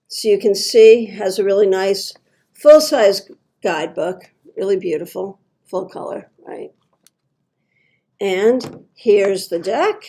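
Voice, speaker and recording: A woman's voice: fairly high pitch, darkish tone. A middle-aged woman hosting a friendly livestream tarot reading at home, chatty and enthusiastic as she talks to her viewers. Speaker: tarot reader, show host.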